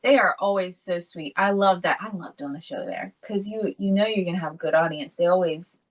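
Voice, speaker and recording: A woman's voice: fairly low pitch, fairly quick, far from the mic, low-quality recording. A woman co-hosting a podcast, telling a family story in a casual, chatty way and often laughing as she talks. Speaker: podcast co-host. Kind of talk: casual chat.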